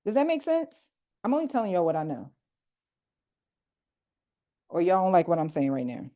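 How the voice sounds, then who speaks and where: A woman coaching a group on a video call, teaching in a casual, animated way and talking straight to her listeners with slang. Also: lowish voice, normal speed. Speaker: coach leading a group workshop.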